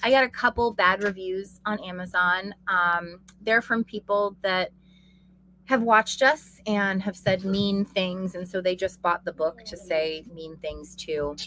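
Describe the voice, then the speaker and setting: A woman's voice: medium pitch, steady tone, unhurried, slight background noise, low-quality recording. A woman hosting a casual livestream, reading viewer comments aloud and answering them in a reflective, spiritual way, with plenty of fillers. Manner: warm-hearted, spiritual, reflective, many fillers. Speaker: livestream host.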